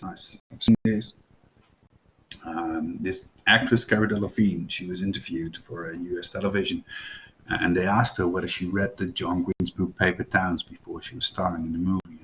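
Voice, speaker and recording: A man with a Dutch accent explains a topic to a class in a loose, chatty way, full of fillers and asides. His voice sits fairly low. A faint hiss runs under the recording. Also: poor audio. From Netherlands. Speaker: teacher.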